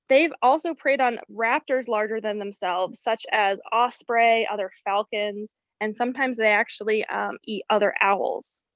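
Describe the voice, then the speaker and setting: A woman, a wildlife educator, giving an explanatory presentation about birds and often pausing on "um". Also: on the high side, fairly bright tone, no echo, muffled recording. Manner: explanatory, with frequent ums.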